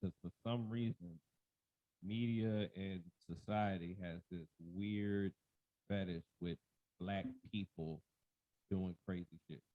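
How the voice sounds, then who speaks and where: A man's voice: sits low, steady tone, takes it slowly, dry recording. A man co-hosting a podcast in casual chat, mumbling and rambling as he talks. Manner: mumbling, rambling, self-conscious. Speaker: podcast co-host. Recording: dull lo-fi mic.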